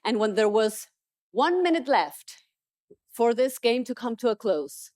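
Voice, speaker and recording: A woman's voice: fairly high pitch, very animated, unhurried, darkish tone. A woman motivational speaker telling stories emphatically in a keynote. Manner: storytelling, emphatic. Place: conference stage.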